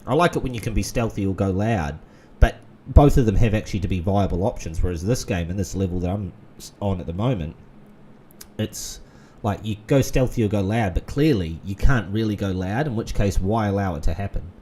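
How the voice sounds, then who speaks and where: A man's voice: lowish voice, lively intonation, a little fast, dark tone, slight background noise. A man, rambling in casual gaming commentary full of fillers and restarts. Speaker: gaming channel host. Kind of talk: casual let's-play commentary.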